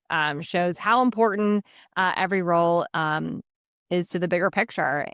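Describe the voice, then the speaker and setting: A woman hosting a podcast, her voice sitting low with a gravelly edge. She chats casually and loosely, leaning on fillers and little asides. The sound is close and dry. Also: a bit bright, dry recording. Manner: chatty, many fillers and you-knows. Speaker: podcast host. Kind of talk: casual interview chat.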